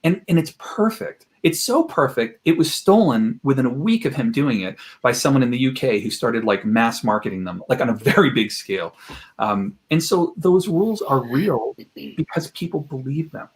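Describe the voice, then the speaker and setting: An animated man speaks as a guest expert on a podcast, his voice sitting at an ordinary middle pitch. He tells stories with plenty of energy and drops into quoted voices along the way. He sounds like he is talking over a video call from a room at home. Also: normal speed. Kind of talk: podcast interview storytelling. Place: home room with collected objects.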